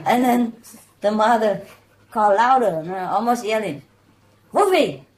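A woman's voice: mid-range voice, darkish tone, rough recording. A woman telling jokes in casual chat, laughing through her own punchlines and stumbling over her words as she goes. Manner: loose, halting delivery with restarts. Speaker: joke teller among friends.

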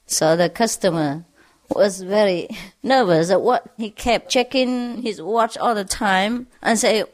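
A woman with a mid-range voice tells jokes slowly to an audience. She laughs through her punchlines and acts out the characters' lines in quoted voices.

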